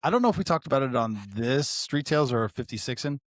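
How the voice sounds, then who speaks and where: A man, a former deputy co-hosting a podcast, telling animated stories and laughing often. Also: medium pitch, fast, dry recording, clean studio sound. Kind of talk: casual storytelling chat.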